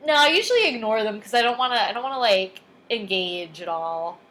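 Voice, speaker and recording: A woman's voice: on the high side, expressive, a little fast, a bit bright. A young woman co-hosting a podcast, chatting casually and laughing as she recaps a TV show. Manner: chatty and laughing, with frequent ums and likes. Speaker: podcast co-host.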